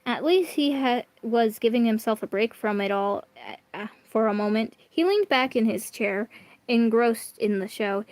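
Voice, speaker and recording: A woman's voice: on the high side, lively intonation, normal speed, darkish tone, no echo. A woman reading online fan fiction aloud in a casual, chatty way, often stumbling and correcting herself. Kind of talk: casual read-aloud with asides.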